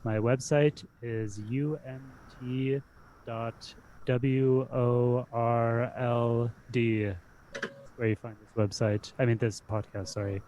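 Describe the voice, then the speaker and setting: A man with a mid-pitched voice hosts a casual podcast, thinking aloud. He hesitates often and keeps filling pauses with "like". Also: little pitch movement, mellow, slight background noise. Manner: hesitant, heavy use of "like". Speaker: podcast host. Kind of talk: casual discussion. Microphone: remote call.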